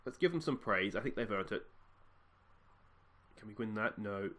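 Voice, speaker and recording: A let's play host with a lowish voice at normal speed casually commentates on his football management game. He's chatty and musing as he reacts to the action, with bursts of excitement.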